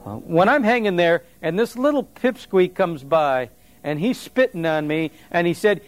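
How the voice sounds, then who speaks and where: This male pastor delivers his sermon with lively, chatty energy and the occasional aside to the congregation. He speaks at a moderate speed in a fairly high voice.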